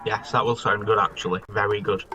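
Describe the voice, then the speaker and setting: A man's voice: lowish voice, level tone, fairly quick, background noise. A man co-hosting a comedy podcast, improvising a playful scene like a mock announcer. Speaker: podcast co-host.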